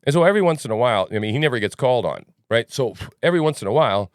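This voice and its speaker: Animated, rambling male podcast host. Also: medium pitch, rapid-fire, dry recording, studio quality. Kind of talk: casual news commentary.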